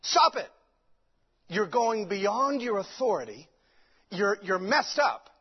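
A man's voice: high voice, very animated, slow pace, husky, big-room sound, heavily acted. A man voicing a stern male priest who bluntly scolds a king. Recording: dull lo-fi recording.

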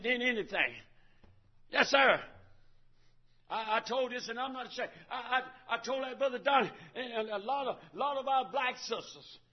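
A high-voiced, husky man preaching a fiery sermon in a church. He swings between shouting and near-hushed talk and often stammers and repeats himself. The recording is dull and lo-fi.

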